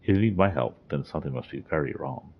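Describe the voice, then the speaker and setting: A man's voice: very deep voice, animated, fast, slight background noise. A man reading as a wry sorcerer hero. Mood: concerned. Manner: reading the hero's lines from the lore text. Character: male sorcerer supreme, wry and guarded. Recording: dull lo-fi recording.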